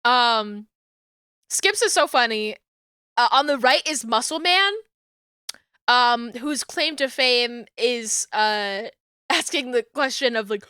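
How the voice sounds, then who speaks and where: High, bright-voiced giggly streamer woman. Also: slow, smooth, no echo, studio quality. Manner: giggly, profane, rambling. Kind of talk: casual stream chat.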